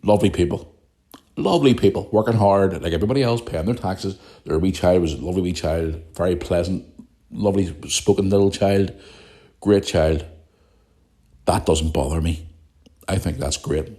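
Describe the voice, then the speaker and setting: A man's voice: sits low, normal speed, mellow. A Northern Irish man in his thirties hosting a solo podcast, speaking bluntly, swearing and repeating himself, with a sore throat. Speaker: podcast host. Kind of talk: solo podcast rant and listener questions.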